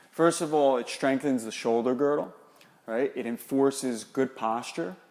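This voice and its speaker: A man's voice: medium pitch, darkish tone, big-room sound. A man, an exercise specialist, explaining and demonstrating shoulder exercises in a coaching manner.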